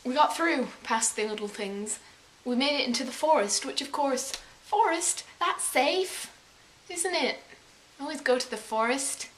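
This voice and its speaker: High-pitched teen girl vlogging a wild story, swears a lot, yells bits, light hiss. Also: unhurried. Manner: dramatic, animated storytelling with swearing and bursts of yelling. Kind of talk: casual storytelling.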